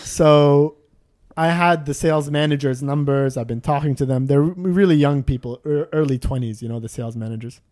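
A man with a fairly high-pitched voice tells a long travel story in easygoing conversation. He rambles, restarts his sentences and pokes fun at himself as he goes. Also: a little fast, a little mellow. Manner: self-deprecating and jokey. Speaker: podcast guest telling a travel story. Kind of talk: casual chat.

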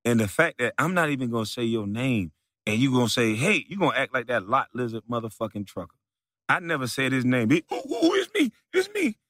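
A man's voice: mid-range voice, fast, a bit bright, dry recording, studio quality. A man who makes videos, delivering a mocking, profane rant at a rival, repeating taunts and breaking into laughter. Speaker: video creator.

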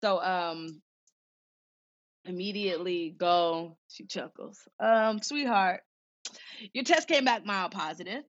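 Young woman, animated storyteller, lowish voice, lo-fi sound. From Southern California. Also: slow, pauses often. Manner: animated, acts out quoted voices, many fillers. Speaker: guest, former pro basketball player. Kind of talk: casual storytelling interview. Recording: dull lo-fi sound.

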